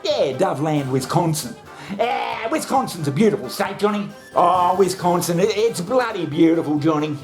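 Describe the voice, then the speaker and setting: A man rambles through a comic monologue and argues with himself as he goes. His talk is coarse and full of swearing, and he laughs at his own jokes. Clear music plays behind his voice. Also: sits high, animated, normal speed. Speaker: comedy show host.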